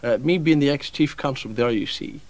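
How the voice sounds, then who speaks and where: A man's voice: mid-range voice, quick pace, darkish tone, no room sound, lightly acted. A man doing a stiff, formal old police chief. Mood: pompous. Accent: Northern Irish. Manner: formal, hesitant, full of ums. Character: pompous male ex-police chief, hesitant and formal.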